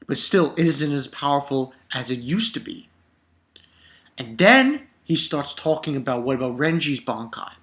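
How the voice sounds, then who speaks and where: A man reviewing a comic chapter in a casual vlog, talking in an excitable, rambling way and swearing often. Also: fairly high pitch, a little slow.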